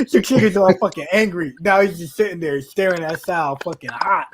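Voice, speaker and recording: Man podcast co-host, high voice, lively anecdote, faint hiss underneath. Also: a little slow. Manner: animated, laughing, acts out quotes in raised voices. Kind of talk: casual storytelling among friends.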